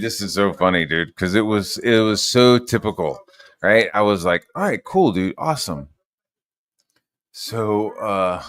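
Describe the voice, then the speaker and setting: A man with a fairly low voice telling a story in a loose, rambling way. He swears freely and fills his talk with casual fillers. His voice sounds dry and close. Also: fairly bright tone, no echo. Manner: rambling, profane, lots of fillers.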